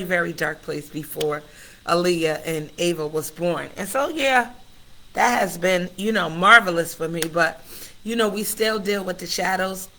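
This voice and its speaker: A woman's voice: lowish voice, sharp tone, low-quality recording. A middle-aged woman hosting her own livestream, speaking candidly and from the heart in a preacher-like cadence, often turning straight to her viewers. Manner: addresses viewers directly and often. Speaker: host of her own live stream. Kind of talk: candid personal livestream talk.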